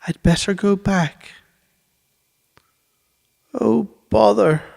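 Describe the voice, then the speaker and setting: A man voicing a gentle, simple-minded male teddy bear in a bedtime storybook reading, high and slow and wondering. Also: vocal fry, exaggerated voice. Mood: distressed.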